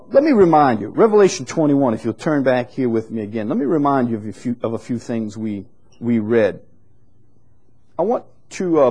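Man, preacher, sermon, conversational, unhurried, restarts, rises for scripture readings. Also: warm tone, breathy edge. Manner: rises in pitch and volume when reading scripture aloud.

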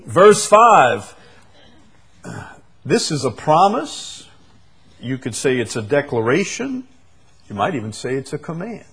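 A male preacher delivering a sermon slowly and emphatically, with sudden loud, high bursts and soft drops. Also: sing-song, husky.

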